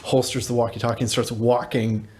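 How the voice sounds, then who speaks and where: A man's voice: mid-range voice, level tone, brisk, darkish tone. A young man co-hosting a podcast, telling a rambling story in casual chat and laughing as he goes. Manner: rambling, laughing, acts out voices in anecdotes. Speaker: podcast co-host.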